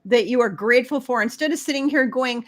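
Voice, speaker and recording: A woman's voice: fairly high pitch, fast, a bit bright. A middle-aged woman giving spiritual advice in an emphatic, preachy way, speaking straight to the listener. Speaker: spiritual guest. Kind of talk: casual spiritual advice talk.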